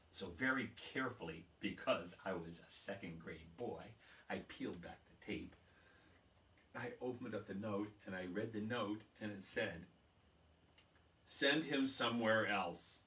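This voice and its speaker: A middle-aged man telling a childhood story, acting out the voices of teachers and kids with loud bursts. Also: on the low side, slight background noise. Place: home, live online broadcast. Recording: roomy, slightly distant mic.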